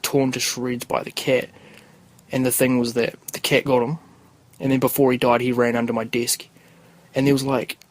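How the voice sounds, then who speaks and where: A man's voice: medium pitch, rough recording. Rambling New Zealand man telling stories. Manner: rambling and crude, loose with slang. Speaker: podcast host. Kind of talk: casual storytelling.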